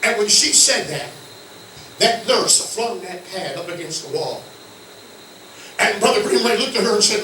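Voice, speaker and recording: Older man, Southern accent, folksy preacher, higher voice, distant mic in an echoey church. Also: moderate pace, pauses often, a little hiss or hum. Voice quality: folksy storytelling with sudden shouts and hushed low passages. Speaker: guest preacher. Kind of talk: sermon. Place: church sanctuary.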